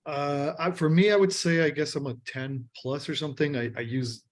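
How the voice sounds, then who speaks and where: A man's voice: on the high side, fairly even intonation, normal speed. A man, a workshop participant, introducing himself in a friendly way over a video call. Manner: friendly, laughs easily. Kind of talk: casual self-introduction.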